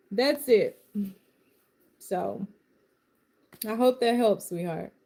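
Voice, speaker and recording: With a mid-range voice and vocal fry, a woman doing live tarot offers a reading and pep talk on stream. Her mood shifts from gentle comfort to passionate, fired-up bursts, all in casual Southern speech.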